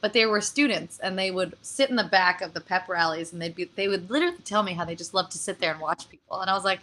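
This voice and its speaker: A woman speaks as a guest on a video call, her voice sitting a little low yet sounding bright and forceful. She talks in an animated, casual way and breaks into laughter often. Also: quick pace, poor audio. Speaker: guest performer. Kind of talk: casual interview chat.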